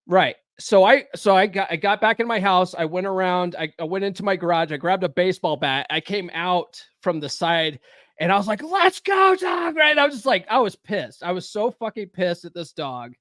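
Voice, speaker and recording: High-voiced, profane podcast host. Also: male voice, moderate pace, dry recording, studio quality. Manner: profane storytelling, acts out shouting. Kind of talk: casual podcast chat.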